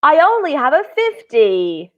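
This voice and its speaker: A woman's voice: high-pitched, wildly swooping pitch, a bit bright, pitched above the performer's own voice, exaggerated voice. A woman voicing a bar customer with an American accent, read from a lesson dialogue on a dull lo-fi webinar line. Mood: ordering. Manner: playful, quick shift between two roles.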